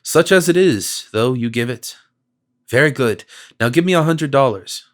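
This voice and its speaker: A smooth-talking stranger with a gentle, flattering voice, full of sympathy that never quite rings true, as a man reads him in an audiobook. He talks at an even, middle pitch. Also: moderate pace, close to an everyday voice. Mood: solicitous. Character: smooth, solicitous male stranger, a confidence man.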